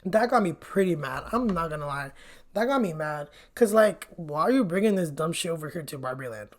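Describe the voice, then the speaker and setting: A woman's voice: low voice, lively intonation, brisk. A woman vlogger giving a casual movie recap in a chatty, blunt way, swearing freely and peppering her talk with "like". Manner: chatty and blunt, swears often, says "like" a lot.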